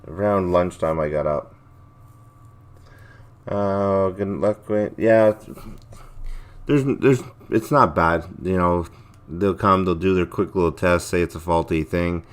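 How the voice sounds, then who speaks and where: Low-voiced man chatting on a livestream. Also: slow, long pauses, smooth. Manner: rambling, laid-back, reacts to chat. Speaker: livestream host. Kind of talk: casual chat reading viewer comments.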